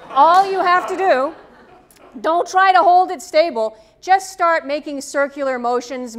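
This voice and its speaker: A woman's voice: high voice, fairly bright tone. A woman professor giving a classroom lecture to students, firm and direct, checking in with "okay?" often. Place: lecture room. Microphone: microphone, tethered.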